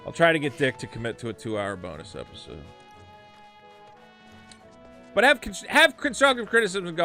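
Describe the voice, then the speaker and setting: Animated, cursing male game streamer. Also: a little high, a little fast, few pauses, faint music behind. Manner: profane, ranting, animated. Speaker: streamer and podcast host. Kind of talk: casual gameplay commentary.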